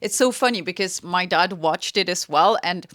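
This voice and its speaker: A young woman talking in a casual, enthusiastic vlog about things she bought and was given, her pitch swinging a lot. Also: normal speed, fairly bright tone, no room sound, studio quality. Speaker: fashion vlogger.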